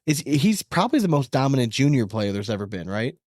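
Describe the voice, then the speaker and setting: A man's voice: mid-range voice, sing-song, quick pace, a little mellow, dry recording, clean studio sound. A man co-hosting a podcast in a laid-back, chatty way, laughing often. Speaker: podcast co-host. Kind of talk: casual chat.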